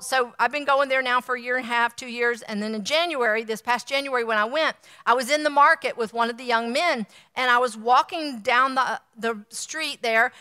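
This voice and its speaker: Bright, lively woman speaker in a hall. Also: on the high side. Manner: animated, acts out quoted dialogue. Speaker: guest speaker. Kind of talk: storytelling talk to an audience.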